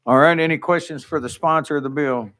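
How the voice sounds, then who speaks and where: A male committee chairman runs the hearing in a brisk, businesslike way, calling motions and votes. His voice sits somewhat high for a man and has a bright, forceful ring. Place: legislative hearing room.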